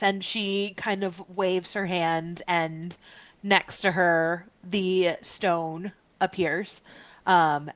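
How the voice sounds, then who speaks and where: A woman running a tabletop game as game master, narrating in a relaxed way with many filler ums. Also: mid-range voice, no echo, rough recording.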